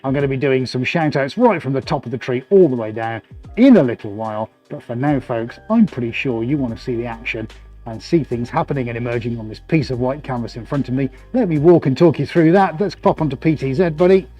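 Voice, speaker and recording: A man's voice: medium pitch, lively intonation, a little fast, mellow, soft background music. A man hosting a live painting stream, chatting and joking as he works in his studio. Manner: chatty, jokey, laughs often while working. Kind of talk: casual live-stream commentary. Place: art studio, indoors.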